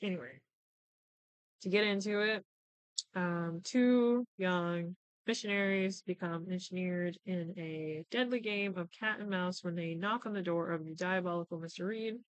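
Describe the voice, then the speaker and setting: Young woman host, casual chatty recap, lively and profane, smooth clear voice, dry close mic. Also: on the low side, measured pace, no echo. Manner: animated, swears freely, acts out quotes. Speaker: podcast host. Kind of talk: casual chat recapping shows.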